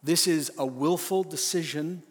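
A man's voice: a little high, husky. A man preaching an earnest, emphatic sermon at a men's conference. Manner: earnest, emphatic, slows for a read-out prayer. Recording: live hall reverb, faint music.

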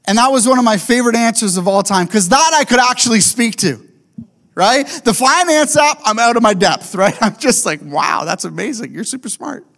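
A male pastor delivers an emphatic sermon in a voice pitched far above most men's. He leans on his key phrases, slowing right down and saying them again so they land. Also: lively intonation, fairly bright tone.

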